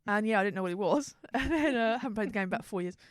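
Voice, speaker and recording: A woman's voice: medium pitch, animated, rapid-fire, no room sound. A woman co-hosting a podcast in casual chat, laughing often, swearing freely and acting out game lines. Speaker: podcast co-host.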